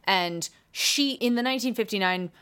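A woman co-hosting a movie podcast in an easygoing, animated way. Her pitch sits in the middle range for a woman, and she laughs often as she talks. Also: moderate pace, smooth. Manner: animated, laughs often, does mock voices. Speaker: podcast co-host. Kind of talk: casual chat about films.

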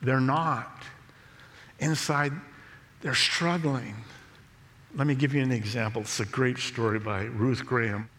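A man's voice: medium pitch, fairly even intonation, fairly bright tone. Man preaching in a reverberant hall. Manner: slow, measured storytelling delivery. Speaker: pastor. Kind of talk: sermon. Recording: long reverb of a large hall.

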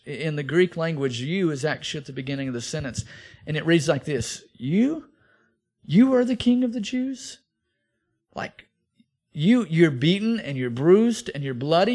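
A male pastor preaching a verse-by-verse sermon, animatedly acting out the biblical figures in the story. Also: a little high. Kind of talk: expository sermon.

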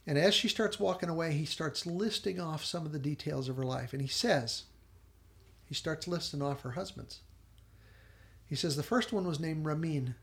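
A man co-hosting a podcast, casually retelling a TV episode in earnest storyteller fashion and quoting its dialogue softly. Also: a little high, normal speed, vocal fry. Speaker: podcast co-host.

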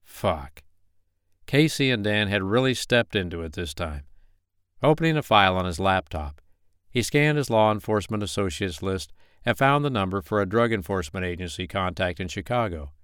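A man narrating a romance novel as an audiobook in a steady, even reading voice, close to the mic. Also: fairly low pitch, fairly quick, clean tone, no room sound. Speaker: audiobook reader.

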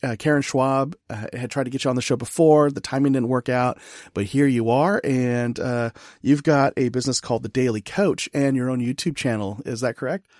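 A man hosting a podcast interview, chatty and quick to laugh at himself in casual conversation. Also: mid-range voice, fairly even intonation, a little mellow, no room sound, studio quality. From California. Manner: chatty, laughing, self-deprecating. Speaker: podcast host.

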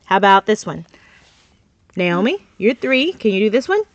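A woman's voice: medium pitch, sing-song, moderate pace, no room sound, highs cut off. A woman host, coaching young children on reading sounds in an upbeat, teacherly manner with sing-song emphasis, recorded in a small closet studio.

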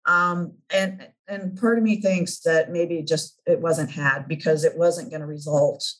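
A woman in her thirties, a guest on an interview show, telling a personal story with animated acted-out dialogue and frequent laughter. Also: deep voice, unhurried, poor audio. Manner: animated storyteller who acts out remembered dialogue, laughs often.

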